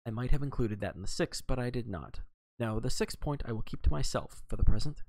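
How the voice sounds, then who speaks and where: A man reading aloud, voicing a fussy, precise elderly male detective who talks in a brisk, exacting way with French phrases. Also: medium pitch, a little mellow, no room sound, close to an everyday voice. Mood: musing.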